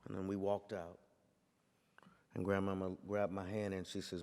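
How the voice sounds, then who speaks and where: A man's voice: sits low, little pitch movement, normal speed, pauses often. Preaching man in a reverberant hall. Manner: rhetorical, repeats phrases for emphasis, builds to forceful peaks. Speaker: pastor giving a talk. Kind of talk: speech with storytelling in a preaching cadence.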